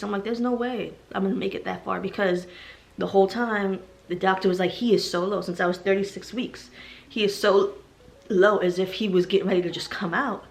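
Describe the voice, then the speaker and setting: Tearful, rambling pregnant woman with fry. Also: medium pitch. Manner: emotional, rambling, tearful at times. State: heavily pregnant. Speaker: vlogger. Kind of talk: personal vlog confession.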